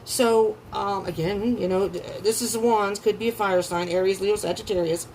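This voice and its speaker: A woman giving a tarot reading who gushes with excitement, swears freely and breaks into gasps and laughter. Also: mid-range voice, normal speed, slight background noise, poor audio. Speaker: tarot reader.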